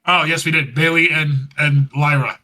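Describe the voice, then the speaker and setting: A man's voice: on the high side, fairly even intonation, moderate pace, pushed and bright, low-quality recording. A man co-hosting a podcast, casually recapping wrestling, rambling and laughing as he acts out what was said. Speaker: podcast co-host.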